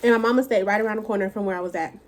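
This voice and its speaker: A young woman, telling a profane, animated storytime rant to her camera at home. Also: medium pitch, rapid-fire, slight background noise. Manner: animated, profane, dramatic retellings. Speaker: vlogger.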